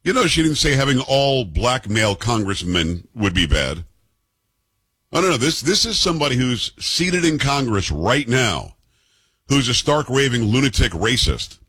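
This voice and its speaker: A combative man in his fifties delivers political commentary, peppering his points with sarcastic rhetorical questions. His pitch swings widely and his voice has a husky grain. The recording is close and dry, with no room sound. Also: very animated, moderate pace, a bit bright, no echo. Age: 50s. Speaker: commentary show host.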